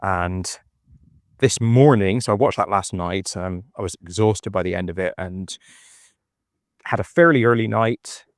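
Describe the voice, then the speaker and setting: A man's voice: low voice, unhurried, no echo, clean studio sound. An Irish man chatting and rambling in a phone voice note while walking outdoors. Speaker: podcast co-host. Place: park outdoors at dusk.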